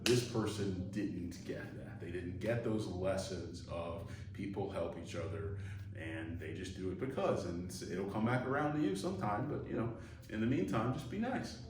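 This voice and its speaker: Male psychology lecturer, chatty and rambling, slightly low voice, faint background noise. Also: normal speed. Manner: conversational, digressive, acts out quoted voices. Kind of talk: recorded online lecture. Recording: echoey room, mic far off, faint noise.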